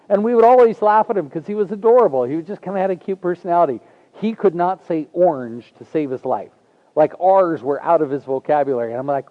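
A man's voice: fairly high pitch, expressive, a little fast, narrow, tinny audio. Earnest, chatty preaching man. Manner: conversational, earnest preaching with folksy asides. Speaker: pastor. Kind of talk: sermon.

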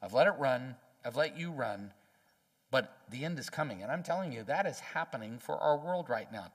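A man preaching a sermon as pastor, emphatic and folksy, acting out quotes in lively voices. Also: medium pitch, big-room sound.

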